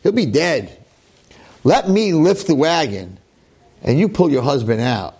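A man's voice: on the high side, sing-song, unhurried, darkish tone, breathy edge, exaggerated voice. A man voicing a humble, earnest farmhand who speaks simply and sincerely. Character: humble farmhand, later distraught.

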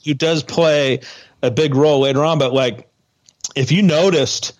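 A man co-hosting a podcast in measured casual chat, prompting his partner with questions. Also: a little high, steady tone, no room sound. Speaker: podcast co-host.

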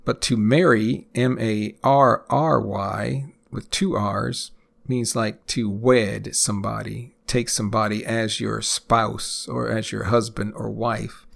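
Slow, gravelly-voiced man teaching English. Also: fairly low pitch, a bit bright. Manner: spells words out and repeats example phrases. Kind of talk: slow, deliberate language lesson.

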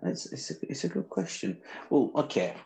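A Northern English podcast co-host speaks with a slightly high but gravelly, dark voice, big pitch swings, and a moderate pace, on a low-quality recording. In casual fantasy football chat, he trades teasing, boastful banter.

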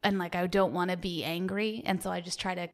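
Gravelly young woman, rambling. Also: lowish voice, steady tone. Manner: rambling, self-mocking, halting restarts. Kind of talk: casual chat.

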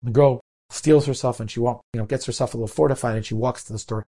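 Man, rabbi storyteller, gravelly, mellow, animated telling. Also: mid-range voice, quick pace. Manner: animated, acts out characters' voices. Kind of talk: storytelling talk.

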